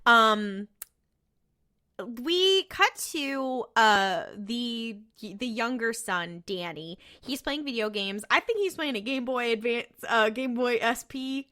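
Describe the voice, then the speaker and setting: This podcast co-host speaks slowly in an expressive, sharp-toned voice on the high side. Recapping a TV episode in a casual, chatty way, she swears freely and quotes the characters as she retells scenes.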